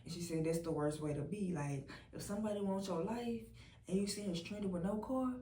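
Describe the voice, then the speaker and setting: A young woman with telling a personal story to her viewers, animated and blunt, acting out other people's lines in a lower voice. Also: fairly quick. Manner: animated, quotes others in a low voice, profane. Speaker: vlogger. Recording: roomy and distant from the mic, faint background noise.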